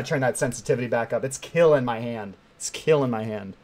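A young man giving live commentary while playing a hard climbing game, excitable and swinging between quiet mutters and sudden yelps. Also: mid-range voice, brisk, few pauses. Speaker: gaming streamer.

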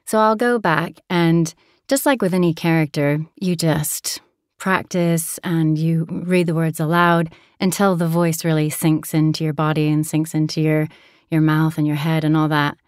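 A woman's voice: sits low, steady tone, normal speed, clean tone, no room sound, clean studio sound. A woman from Alaska with an American accent touched by a transatlantic tinge, an audiobook narrator chatting in an interview and laughing easily as she tells stories. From Alaska, USA. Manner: chatty, laughs often, storytelling. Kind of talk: interview conversation.

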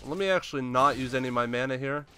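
A man's voice: medium pitch, rapid-fire, sharp tone, a little hiss or hum. Chatty young man reacting to gameplay. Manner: chatty, reacts with sudden exclamations and laughs. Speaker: gameplay commentator. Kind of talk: casual live gameplay commentary.

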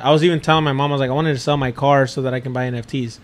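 A young man chatting casually as a podcast guest, an excitable storyteller who swears freely. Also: medium pitch, very fast. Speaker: podcast guest, NFT creator. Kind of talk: casual chat.

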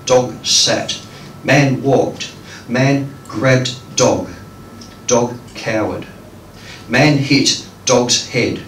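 A poet reads his work live, hesitating and saying "um" a lot between poems. His mid-range voice is a bit bright, and he speaks very slowly. The room is echoey, the mic distant, with faint noise.

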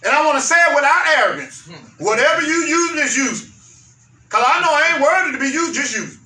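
A male pastor preaches with a very high, piercing voice. He repeats his phrases and climbs into fervent shouts. He is heard from a distance in an echoey church. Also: very animated, a little fast. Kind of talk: sermon. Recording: echoey room, mic far off.

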